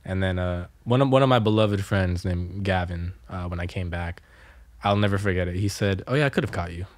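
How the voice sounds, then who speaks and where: Low-voiced young man telling stories. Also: fairly quick, no echo, studio quality. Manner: rambling, many "like" fillers, laughs through stories. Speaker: podcast co-host. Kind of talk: casual storytelling chat.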